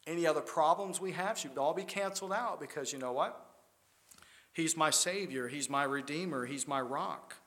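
A man preaching a sermon in a church, swinging between loud emphatic stretches and quiet, intense ones. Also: on the high side, moderate pace.

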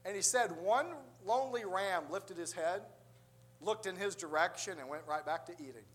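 Storytelling male preacher, higher-pitched. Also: normal speed, fairly bright tone. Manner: storytelling, acting out quoted voices. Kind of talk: sermon.

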